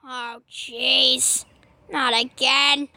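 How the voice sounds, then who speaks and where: Brief: woman doing a high, slow-talking, weary male ghost puppet. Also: level tone, pushed and bright, slight background noise, exaggerated voice. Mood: exasperated. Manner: sighing, exasperated, stammering. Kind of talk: homemade toy skit.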